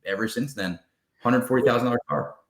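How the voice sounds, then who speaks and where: A man's voice: medium pitch, quick pace, roomy sound. A man talking as a guest in a casual interview, giving earnest, emphatic advice. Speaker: car sales guest.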